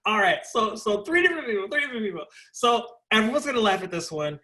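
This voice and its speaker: In a relaxed interview, a young stage performer with a higher-than-usual voice talks his way through answers. He's animated and conversational, rambling, circling back, and filling pauses with words like "like."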